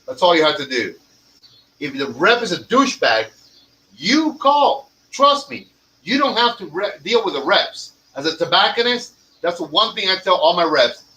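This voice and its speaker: A man's voice: sits high, big pitch swings, normal speed, sharp tone, rough recording. A man who owns a cigar lounge, telling stories in a profane, emphatic podcast rant. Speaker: cigar lounge owner and tobacconist.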